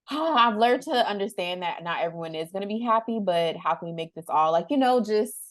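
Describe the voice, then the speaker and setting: A young woman hosts a podcast in a casual interview chat, rambling and searching for words with many fillers. Her mid-range voice is fairly quick with lively intonation. There's no room sound.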